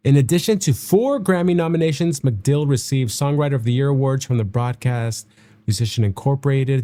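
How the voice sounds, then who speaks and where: A man's voice: medium pitch, mellow. A young man hosting a reaction video, chatting casually and reading notes aloud, often stumbling over names and correcting himself.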